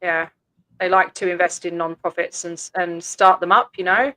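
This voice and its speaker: A woman hosting a casual livestream chat, animated and blunt, swearing freely and laughing quickly. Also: fairly low pitch, no room sound. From Australia. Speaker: livestream host.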